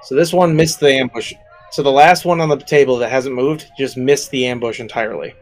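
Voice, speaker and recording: A man narrating as game master in a tabletop game, relaxed and laughing, thinking aloud with fillers as he goes. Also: mid-range voice, a little fast, poor audio.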